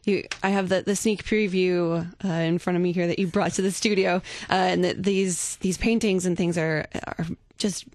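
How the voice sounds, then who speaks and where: A woman hosting a radio talk show from a studio, speaking in gentle, halting phrasing. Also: fairly low pitch, fairly even intonation, no echo. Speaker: radio host.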